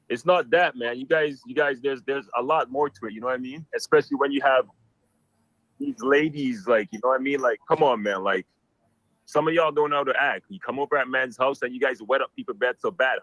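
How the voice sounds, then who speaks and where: A man calling in to a talk show, telling a story in an animated, exclaiming way. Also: medium pitch, fairly quick, no room sound, poor audio. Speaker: caller. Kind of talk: casual call-in chat.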